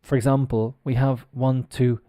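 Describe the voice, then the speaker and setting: A man's voice: mid-range voice, little pitch movement, moderate pace, mellow, dry recording, clean studio sound. A middle-aged Irish man teaching English pronunciation on a live stream, explaining patiently and spelling words out letter by letter. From Ireland.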